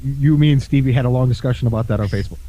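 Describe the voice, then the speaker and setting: Podcast co-host, male, mellow tone, raunchy laughing storyteller. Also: medium pitch, rapid-fire, low-quality recording. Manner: profane, laughing storyteller who acts out his dog. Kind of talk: casual chat.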